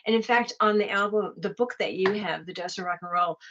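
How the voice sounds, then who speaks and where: A woman's voice: mid-range voice, a little fast, dull audio, noisy background. An older woman, a guest in a casual chat, telling anecdotes with laughter. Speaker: interview guest. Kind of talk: casual storytelling.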